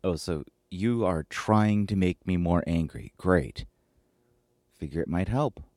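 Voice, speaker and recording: A man's voice: low-pitched, slow pace, darkish tone, no echo, clean studio sound, pitched above the performer's own voice. A man voicing an angry, impatient friend who snaps and gets defensive, with a raised, agitated delivery. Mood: indignant.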